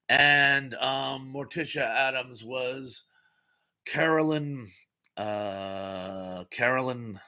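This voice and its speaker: A man hosting a casual live chat stream, reading viewer comments aloud at his desk mic. His voice is bright and forward, and his talk rambles with fillers, quick asides and easy chuckles. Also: on the high side. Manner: chatty, rambling, reads comments aloud with frequent fillers and laughs.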